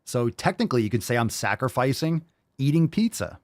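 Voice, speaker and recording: A male podcast host delivers a blunt, profane rant. His pitch swings widely from phrase to phrase. The sound is close and dry, with no room around it. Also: very animated, a little fast, darkish tone, no echo. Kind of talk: ranting podcast monologue.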